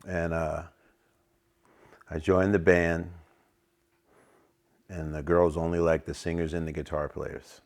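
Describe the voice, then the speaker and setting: A middle-aged man, a jazz saxophonist, telling anecdotes in a relaxed interview and acting out the lines of people he quotes. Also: low voice, takes it slowly, long pauses. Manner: acts out other people's lines in quoted voices.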